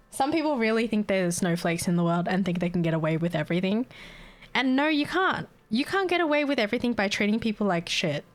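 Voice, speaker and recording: A woman live streamer venting in a casual, heated and profane rant, breaking into laughter. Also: medium pitch. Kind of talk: casual ranting chat.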